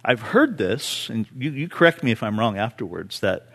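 A man preaching a sermon with personal stories, impassioned, swinging from hushed to loud and pleading. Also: mid-range voice, very animated, normal speed. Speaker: pastor.

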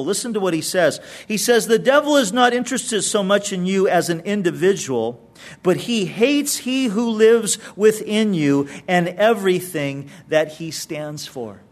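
A man preaching a sermon with a high, light voice for a man. He speaks earnestly, restarting and repeating words as he presses each point. It is the steady delivery of a pastor working through a passage.

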